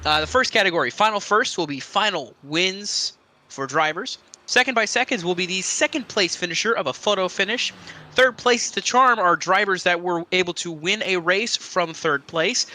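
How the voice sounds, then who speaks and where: A man hosting a casual online trivia game, joking with players and reading clues quickly. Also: high voice, bright, forceful tone.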